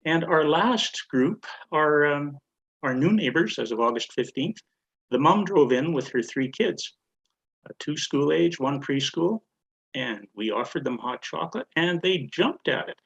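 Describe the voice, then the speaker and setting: An older man telling a story on a church video call, measured and deliberate. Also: on the high side, expressive, gravelly, fairly bright tone, husky, highs cut off. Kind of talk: casual storytelling.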